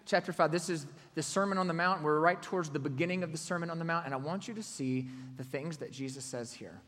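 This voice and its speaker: A man preaching a sermon, swinging from loud exclamations to hushed near-whispers. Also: on the high side, fast, long reverb tail, slight background noise.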